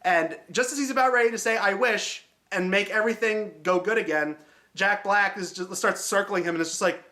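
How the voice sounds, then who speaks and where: A man's voice: high-pitched, a little fast, pushed and bright. A man hosting a film review show, talking casually and sarcastically and swearing often. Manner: sarcastic, swears freely, mocking.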